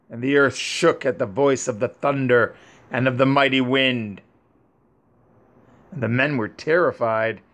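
A man reading an ancient scripture narrative aloud in a solemn, measured way. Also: mid-range voice. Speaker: reader.

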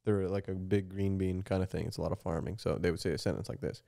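A young man from Canada co-hosting a podcast, teasing his friend in a deadpan, mock-serious way. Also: deep voice, fast talker, creaky. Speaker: podcast co-host. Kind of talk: casual chat.

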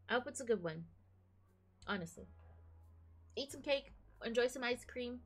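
A woman streamer talks over her gameplay in a slightly high voice, excitable and quick to giggle. She swears casually and gushes about what she sees on screen. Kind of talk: live gameplay commentary.

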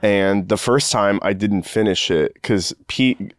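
A man's voice: on the low side, slow pace, dry recording, clean studio sound. A man co-hosting a casual movie-review podcast, laid-back and rambling. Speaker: podcast co-host.

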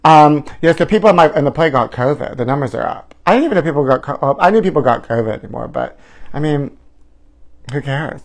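A man with a fairly high voice hosts a live gossip stream from home. His delivery is campy and theatrical, with terms of endearment for his viewers and dramatic swoops into mock outrage. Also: expressive, fast, gravelly. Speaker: host of a live celebrity gossip show.

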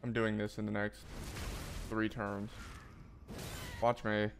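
Over background noise, a man streams a video game with live commentary, muttering, swearing heavily and yelping loudly between bouts of frustration and self-mockery. His lowish voice is gravelly, flat and slow.

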